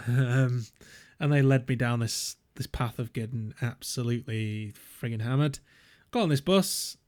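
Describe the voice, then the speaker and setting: A man's voice: medium pitch, a little slow, hardly any pauses, a little mellow. A young man, co-hosting a podcast and telling rambling stories in a casual chat, full of "um"s and swearing. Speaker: podcast co-host.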